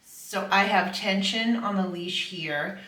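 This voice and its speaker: A middle-aged woman dog trainer explaining puppy training in a calm, affirming voice. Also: mid-range voice, takes it slowly. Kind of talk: instructional voice-over. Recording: echoey room, from far off, faint noise.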